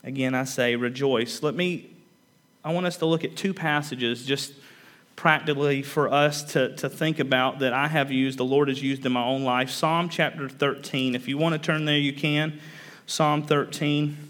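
A man's voice: mid-range voice, steady tone, normal speed, a bit bright. A man preaching a sermon in an earnest way, often repeating words and building to emphatic peaks. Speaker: pastor.

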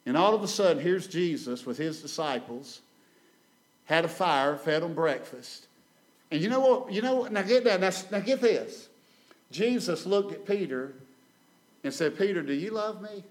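A male guest preacher, giving a Sunday sermon in a church, swinging between loud and soft and repeating phrases for emphasis. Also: fairly high pitch, animated, a little slow. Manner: dramatic rises and drops in volume, repeats phrases, calls for amen. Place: church sanctuary.

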